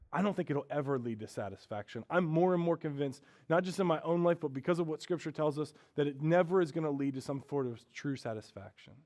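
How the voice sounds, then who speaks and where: A man with a high, light voice preaches a sermon as a pastor. He talks earnestly and candidly, dropping to a hush and then rising loud and animated.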